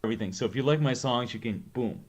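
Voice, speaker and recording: Rambling New England streamer, low-key. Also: male voice, fast talker. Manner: rambling, joking, self-deprecating. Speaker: streamer host. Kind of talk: casual chat to stream viewers.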